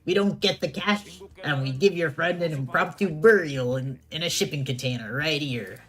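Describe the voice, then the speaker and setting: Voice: mid-range voice, normal speed, close to an everyday voice. A streamer voicing a swaggering male pirate kidnapper captain in a put-on pirate accent, with growling old-timey speech. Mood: menacing. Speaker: streamer reading game dialogue.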